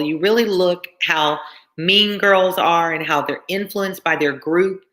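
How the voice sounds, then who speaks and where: A woman's voice: lowish voice, unhurried, fairly bright tone. A woman teacher talking to her students in a loose, conversational way, with restarts and fillers. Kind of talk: casual lesson talk.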